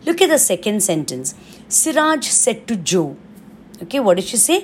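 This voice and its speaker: A woman's voice: mid-range voice, big pitch swings, moderate pace, a little hiss or hum. A woman teacher giving a recorded grammar lesson, explaining patiently and checking in often with "okay?".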